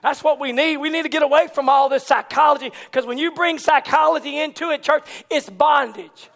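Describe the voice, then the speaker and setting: High-pitched preacher guy, pentecostal sermon, goes from low talk to full-on shouting. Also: brisk, creaky. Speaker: pastor.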